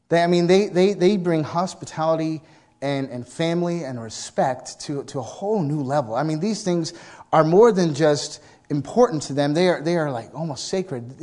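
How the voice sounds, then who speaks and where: Animated preacher man with a high voice. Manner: animated storytelling, acts out characters in high excited voices. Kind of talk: sermon.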